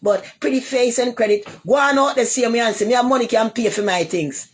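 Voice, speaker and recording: A woman's voice: a little high, fairly quick, breathy edge. A woman with a Jamaican accent talking live to her viewers in a casual rant. She rambles and repeats herself, and she answers commenters with blunt insults. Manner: rambling and repetitive, loops back over the same points. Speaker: livestreamer.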